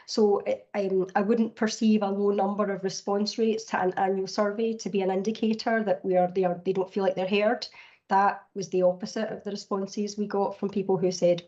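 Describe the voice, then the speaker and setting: Female official, flat and mellow, measured answer, muffled recording. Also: medium pitch. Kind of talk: formal meeting answer. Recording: muffled meeting stream audio.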